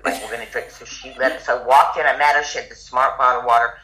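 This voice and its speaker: A middle-aged woman telling a personal story as a podcast guest, lively and acting out the lines of other people. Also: a bass voice, quick pace, few pauses, rough recording. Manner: animated, acts out quoted dialogue. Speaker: podcast guest, yoga teacher. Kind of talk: casual conversational storytelling.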